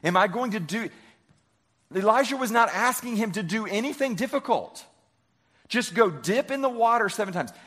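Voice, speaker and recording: This pastor's voice sits high with a fairly bright tone. His sermon is conversational, giving biblical figures everyday dialogue, and he frequently repeats words when restarting a sentence.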